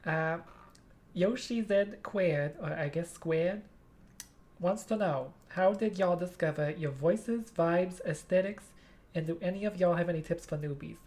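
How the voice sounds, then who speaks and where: A woman's fairly low voice, hosting a panel in a relaxed, casual way. She reads out audience questions and chats along with the guests. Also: a little slow, slight background noise. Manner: laid-back, reading out audience questions. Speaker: panel moderator.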